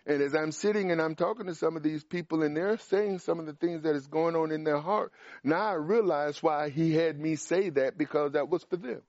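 An emphatic male preacher, climbing higher and louder as he drives points home. His voice sits fairly high for a man. The recording is dull and dry, with no room sound. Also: a little fast, no room sound. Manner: emphatic, rises in pitch and volume on key points. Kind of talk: sermon with Q&A.

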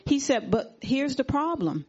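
A woman stands before her church and tells a testimony, her pitch a little higher than most women's. She brings the story to life by acting out everyone's words. The recording sounds dull and lo-fi. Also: a little slow, slightly rough. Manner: animated retelling, acting out quoted dialogue. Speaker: congregation member giving testimony. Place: church fellowship service.

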